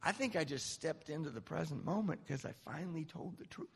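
A man in his fifties from Southern California, speaking at a recovery meeting and telling a personal story in an animated, self-mocking way. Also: a little high, brisk, creaky, husky. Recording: reverberant hall.

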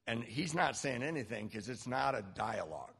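A man in his fifties from Southern California, speaking at a recovery meeting and telling a personal story in an animated, self-mocking way. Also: medium pitch, moderate pace, creaky, slightly rough. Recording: reverberant hall.

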